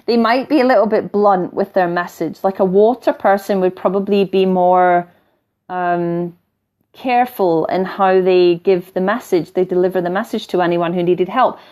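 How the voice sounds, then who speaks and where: A woman's voice: medium pitch, a little mellow. A woman with a mixed English and Scottish accent, teaching in a casual, blunt way and often checking in with her listeners. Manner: blunt and chatty, keeps asking "right?", swears lightly. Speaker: spiritual teacher.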